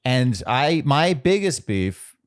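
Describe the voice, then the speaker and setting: Male podcast co-host, emphatic and opinionated, everyday pitch. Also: sing-song, slow. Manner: opinionated, emphatic, repeats himself. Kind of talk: casual chat.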